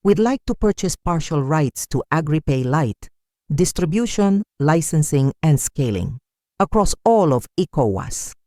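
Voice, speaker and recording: A narrator voicing a polished male investor with a British Nigerian accent, speaking in a smooth, businesslike way. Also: mid-range voice, sing-song, measured pace, dark tone, no room sound, studio quality.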